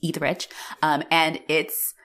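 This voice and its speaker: A woman co-hosting a casual podcast chat, animated and laughing often, with lots of fillers. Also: deep voice, a little slow. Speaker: podcast co-host.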